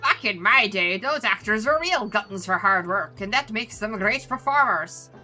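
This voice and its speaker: A woman voicing a boastful older man reminiscing loudly about theater actors. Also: medium pitch, lively intonation, normal speed, faint music behind. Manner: loud, declaiming.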